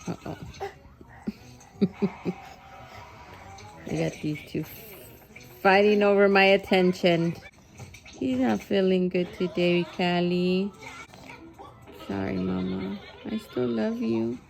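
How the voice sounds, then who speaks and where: A woman's voice: mid-range voice, big pitch swings, takes it slowly, vocal fry, pauses often. A woman vlogging family life at home, often cooing in a sing-song voice at her baby and pets. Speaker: vlogger mother. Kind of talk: casual family vlog chat. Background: background music.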